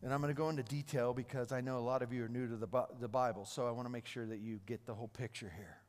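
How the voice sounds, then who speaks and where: A man's voice: mid-range voice, fairly even intonation, rapid-fire, a little mellow. A man preaching a sermon, retelling Bible stories with restarts and repeated words. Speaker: pastor. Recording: long hall reverb.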